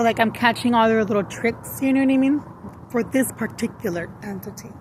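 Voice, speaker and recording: A woman's voice: mid-range voice, background noise. A woman venting bluntly in a casual monologue, cursing and switching into Spanish. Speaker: vlogger.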